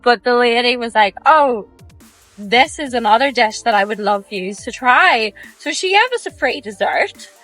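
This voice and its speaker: A woman's voice: a little high, animated, normal speed, a bit bright, soft background music, low-quality recording. A woman chatting to camera from inside a car, gushing and laughing as she talks about a diner. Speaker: travel vlogger. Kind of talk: casual chat to camera.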